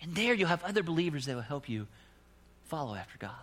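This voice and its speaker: A middle-aged man preaching a sermon, telling a personal story with animated, rising emphasis and closing in a soft prayer. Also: on the high side, fast talker. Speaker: pastor.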